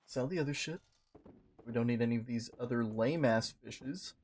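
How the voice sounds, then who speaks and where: Gravelly, foul-mouthed gaming man. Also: mid-range voice, normal speed, slight background noise. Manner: profane, excitable, talks to the game. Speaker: gaming streamer. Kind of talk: casual gameplay commentary.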